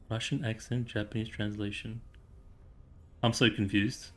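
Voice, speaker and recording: A man's voice: medium pitch, normal speed, a bit bright. A man streaming a story game, chatting casually with his viewers and reading the game's dialogue aloud in a rambling, easygoing way. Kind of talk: casual gameplay commentary and story read-aloud.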